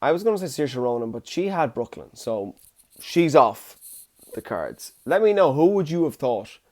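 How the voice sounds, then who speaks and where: A man's voice: on the high side, big pitch swings, moderate pace, darkish tone. Young man, jokey rambling podcast host, self-deprecating, phone recording in his room. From Ireland. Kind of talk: casual solo podcast monologue.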